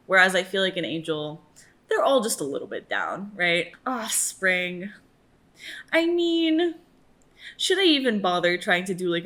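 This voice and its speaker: A young woman hosting a reaction video, chatting casually and gushing excitedly at the screen. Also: on the low side.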